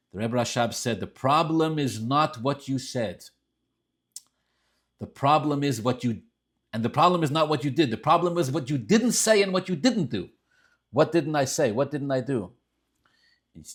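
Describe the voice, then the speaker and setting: A man with an Ashkenazi yeshiva-style accent teaching a Tanya class, telling stories and swinging between soft asides and loud, emphatic stretches. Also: on the high side, slightly rough. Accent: Orthodox Jewish English with Ashkenazi Hebrew and Yiddish terms. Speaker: Torah teacher.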